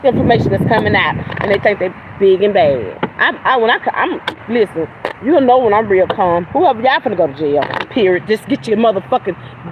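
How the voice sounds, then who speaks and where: Profane woman ranting by traffic. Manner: profane, confrontational, swinging from loud outbursts to low mutters. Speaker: livestream host. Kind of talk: heated livestream rant. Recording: outdoor traffic noise behind voice.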